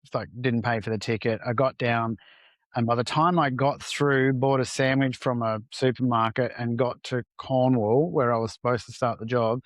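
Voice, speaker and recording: A man's voice: medium pitch, fairly even intonation, normal speed, no room sound. Candid man telling stories, dry sound. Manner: candid, casual swearing, acts out dialogue. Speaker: entrepreneur guest. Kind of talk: conversational podcast storytelling.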